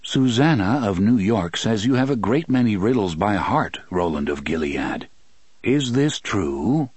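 A playful yet menacing talking machine, voiced by a man, booms from everywhere in a slow, unhurried drawl. The voice is husky and low. The audiobook sound is dry and close. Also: animated, a little mellow, dry recording. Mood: serene. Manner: slow leisurely drawl, booming. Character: playful, sinister talking monorail machine, male.

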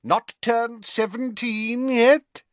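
Genial old schoolmaster, man putting it on, airy and slow, dry close sound. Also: extremely high pitch, steady tone, no room sound, pitched above the performer's own voice, full character voice. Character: jovial older male schoolteacher.

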